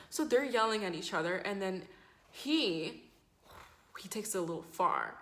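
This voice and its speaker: Bright-voiced rambling woman vlogger. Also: lowish voice, animated, brisk. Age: 20s. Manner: rambling, swearing, lots of "like". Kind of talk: casual storytime. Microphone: camera mic.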